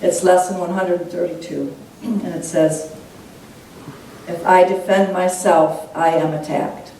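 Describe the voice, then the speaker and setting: A woman's voice: steady tone, takes it slowly, warm tone. A woman minister giving a sermon in a church, earnest and reflective in how she teaches. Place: church sanctuary. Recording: echoey church hall, mic at a distance, faint rumble.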